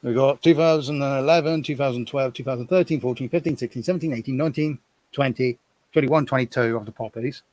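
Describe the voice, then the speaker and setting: A man's voice: mid-range voice, fast, darkish tone. A man chatting casually on a live stream, rambling and thinking aloud as he sorts through things at home.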